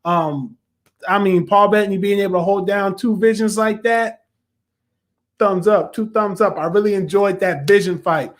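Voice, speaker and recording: Brief: young adult male host, high voice, chatty episode reviewer. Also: normal speed. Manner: chatty and animated, acts out quotes. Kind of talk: casual video review.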